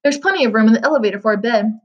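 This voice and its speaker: A woman reading the lines of an eccentric, brisk old male candy maker in a storybook, with a lively delivery. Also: a little high, breathy edge, lo-fi sound.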